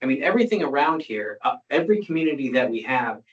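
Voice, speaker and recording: A man at a public meeting giving a skeptical view, halting, restarting often and filling gaps with "you know". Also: mid-range voice, sing-song. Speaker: commissioner. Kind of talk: meeting discussion. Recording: muffled meeting-room recording.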